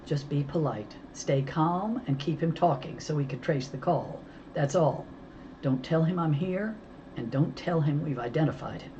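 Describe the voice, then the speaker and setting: A woman's voice: sits low, moderate pace, muffled recording, noisy background, close to an everyday voice. Woman reading a firm female deputy. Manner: firm, instructive.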